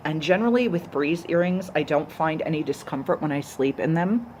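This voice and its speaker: Casting: low-pitched woman, enthusiastic unboxing vlogger, chatty, faint hiss behind her. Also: a little fast, a little mellow, poor audio. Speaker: vlogger reviewing jewelry. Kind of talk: casual unboxing chat.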